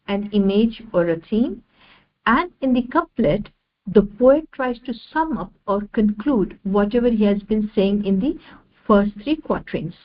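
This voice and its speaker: A woman giving an online lecture over slides, measured and repeating each definition step by step. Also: on the high side, lo-fi sound.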